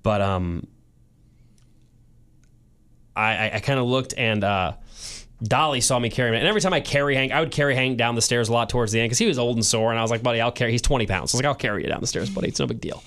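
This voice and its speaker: A man co-hosting a casual podcast, telling an emotional story with many restarts and pauses, teary at times. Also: mid-range voice, fairly bright tone, clean tone. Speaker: podcast co-host. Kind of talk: casual chat.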